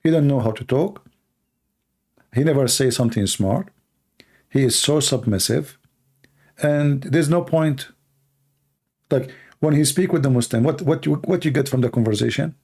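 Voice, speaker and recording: A man answers viewers' questions on a casual live stream. His voice is dark, gravelly and worn hoarse. He talks bluntly, with sarcasm and a run of rhetorical questions. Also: mid-range voice, normal speed, long pauses. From Middle East. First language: Arabic. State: hoarse, tired voice. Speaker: Christian apologist, host answering questions.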